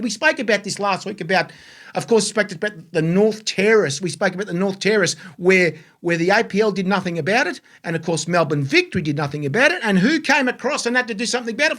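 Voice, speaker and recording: A man's voice: extremely high pitch, sharp tone. A middle-aged man hosting a sports talk show, exclaiming and repeating himself as he gets indignant. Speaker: host. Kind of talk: casual sports radio chat.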